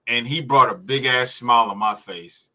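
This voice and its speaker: A man on a sports podcast, his voice strikingly bright and sharp, riffing heatedly on a live game. He swears casually and keeps circling back to press his argument. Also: mid-range voice, normal speed. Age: adult parent. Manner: profane, heated sports rant. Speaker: podcast host. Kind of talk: live football reaction chat.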